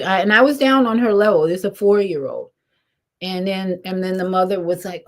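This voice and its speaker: An older woman with a middle-range voice tells a story as a spiritual teacher. She talks in an animated, expressive way, jumping up in pitch and then sinking low and soft. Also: a little fast. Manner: animated, lively storytelling with sudden rises and drops. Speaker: spiritual teacher leading meditation. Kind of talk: storytelling talk.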